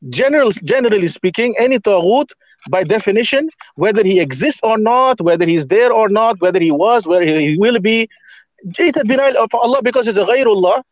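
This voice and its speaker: A man with a high voice argues a point of faith in a call-in debate, stopping and restarting his phrases as he presses his questions. The sound is dry and close, with no room around it. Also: expressive, brisk, no room sound. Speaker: caller. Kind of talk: heated religious debate.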